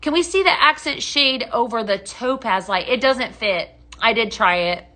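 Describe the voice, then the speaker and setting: A woman's voice: on the high side, normal speed, bright, forceful tone. A woman hosting a casual live-stream product demo, chatting with viewers, greeting them by name and answering their questions. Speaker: home fragrance consultant hosting a live sales stream.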